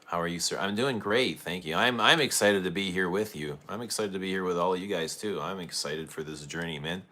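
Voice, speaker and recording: Low, bright-voiced man hosting a livestream. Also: a little fast. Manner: chatty, greets viewers and reads their comments aloud. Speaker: perfume livestream host. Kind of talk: casual livestream chat with viewers.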